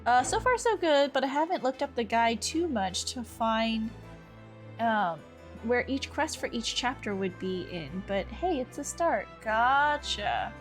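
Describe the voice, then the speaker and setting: Woman streamer, high lively voice, unhurried, playful, laughs a lot, faint game music underneath. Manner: playful, laughs often, insistent when arguing with chat. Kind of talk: live gameplay stream chat.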